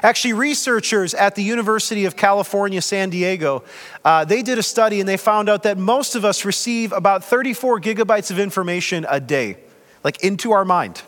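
High-voiced man preaching in a hall. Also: fairly quick. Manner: conversational, gently humorous preaching. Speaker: pastor. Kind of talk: sermon.

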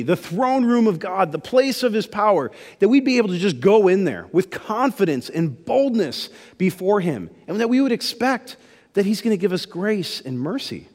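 A man's voice: high voice, darkish tone, big-room sound. A man pastor giving a sermon in a casual, conversational storytelling way.

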